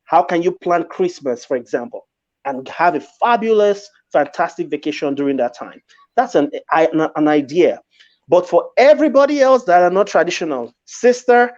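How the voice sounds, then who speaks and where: A man gives marriage advice in an exhorting, preacher-like way and speaks straight to the listener. His voice sits slightly high. The audio is a little dull and muffled. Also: darkish tone. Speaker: relationship advice co-host. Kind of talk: casual advice chat.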